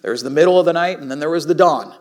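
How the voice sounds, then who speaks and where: Casual preacher, man, high-pitched voice, chatty sermon delivery with animated asides. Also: very fast. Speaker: pastor.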